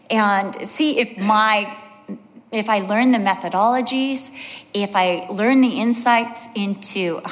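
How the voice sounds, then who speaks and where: With a mid-range, fairly bright voice, this middle-aged woman delivers a sermon as a Bible teacher. She recounts personal stories and acts out quotes, and the recording carries long hall reverb.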